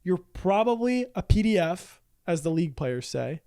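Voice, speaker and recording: A man co-hosting a podcast, chatting casually in a crude, joking way and quick to laugh. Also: high-pitched, sing-song, warm tone, clear, resonant tone. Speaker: podcast co-host. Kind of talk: casual comedic debate chat.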